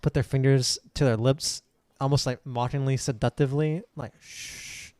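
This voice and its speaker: A man's voice: mid-range voice, steady tone, moderate pace, a little mellow, no room sound. A man narrating as game master, casual and hesitant, often laughing.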